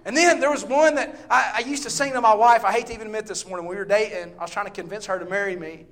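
A middle-aged man with a Southern US accent preaches a sermon in church. His voice sits high, and he tells stories with loud, shouted peaks and hushed asides. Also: racing, hardly any pauses. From Southern US, Texas. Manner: loud, storytelling, swings between shouting and quiet asides.

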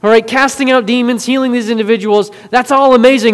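A man preaching a sermon in an earnest way, moving between forceful and hushed delivery. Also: very high voice, steady tone, quick pace. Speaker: pastor. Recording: long reverb of a large hall.

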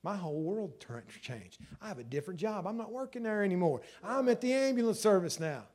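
A middle-aged man, preaching a sermon in an emotional storytelling way that swells loud at the peaks. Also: high-pitched, expressive, a little fast. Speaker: pastor.

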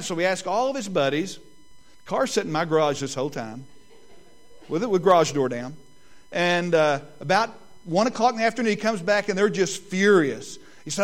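A middle-aged man, preaching a sermon and telling family stories in lively quoted voices. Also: sits high, moderate pace. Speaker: pastor.

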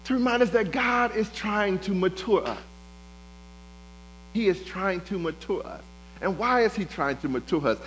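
Man, sermon, rhythmic repetition, animated pitch, faint electrical hum. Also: measured pace, low-quality recording. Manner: rhythmic preaching with repeated phrases, voicing God in quotes. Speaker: preacher.

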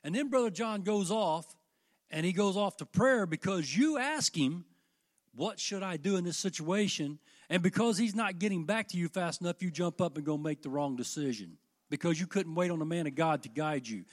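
A man preaching a sermon, swinging from loud declarations to hushed questions and reading scripture slowly with weight. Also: sits high, lively intonation. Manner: reads scripture in slow, drawn-out emphasis.

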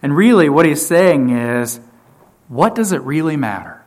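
A man's voice: a little high, sing-song, unhurried. Emphatic male pastor preaching. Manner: emphatic, repeats key phrases, dynamic swings in loudness. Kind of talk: sermon.

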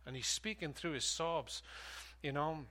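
Bright-voiced man preaching a sermon. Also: on the high side, a little slow. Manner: storytelling, animated, laughs often. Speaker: pastor.

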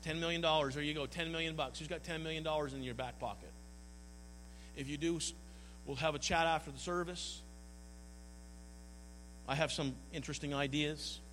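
A man's voice: on the high side, fairly even intonation, normal speed, long pauses, a bit bright. A man preaching a sermon as pastor, earnest and folksy, often stumbling and repeating words. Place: church hall. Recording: long hall reverb, mains hum.

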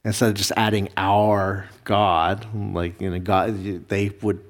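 Slow, halting male Bible teacher. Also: fairly low pitch, flat delivery. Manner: slow, halting, many fillers and restarts. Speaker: pastor teaching a Bible class. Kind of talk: classroom lesson reading Hebrew.

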